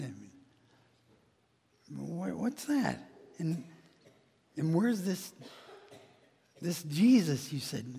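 A man's voice: fairly high pitch, vocal fry, mellow, husky, in a large hall, exaggerated voice. A man putting on the voices of doubtful male neighbors, who speak hesitantly and mumble through many fillers.

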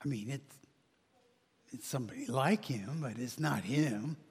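A man voicing wary, hesitant neighbors who mumble and hedge at length. The voice is husky and gravelly, with the long reverb of a large hall around it. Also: medium pitch, measured pace, darkish tone, voice pushed down. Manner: hesitant, mumbling, full of fillers. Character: doubtful, hushed male neighbors.

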